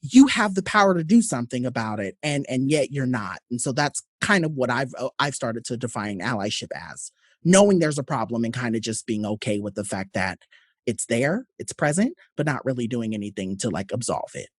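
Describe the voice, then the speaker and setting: A woman from Los Angeles, a guest educator in a casual podcast interview, explaining ideas through lively acted-out little stories. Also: very deep voice, a little fast, no echo, clean studio sound. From Los Angeles, USA. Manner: animated storyteller who acts out little scenes. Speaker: guest, social justice educator.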